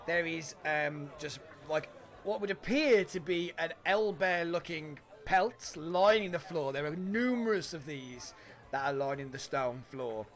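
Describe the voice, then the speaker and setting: Bright-voiced man running a tabletop game. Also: on the high side, expressive. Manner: casual, halting narration with fillers. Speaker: game master.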